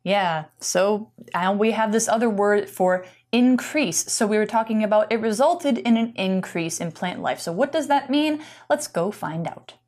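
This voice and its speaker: A woman's voice: mid-range voice, moderate pace, hardly any pauses, darkish tone. A woman teaching English vocabulary, explaining patiently with casual fillers. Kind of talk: explaining vocabulary in a bilingual lesson.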